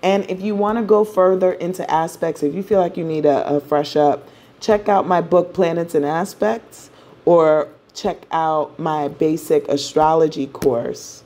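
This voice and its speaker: A woman's voice: deep voice, steady tone, measured pace, warm tone. A woman astrologer teaching in a casual, chatty, playful way and explaining step by step.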